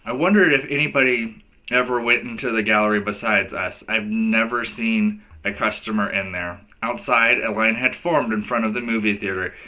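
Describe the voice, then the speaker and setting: Bright-voiced teacher reading a storybook. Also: male voice, fairly low pitch, moderate pace, highs cut off. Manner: lively storyteller who voices each character. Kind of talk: reading a children's book aloud.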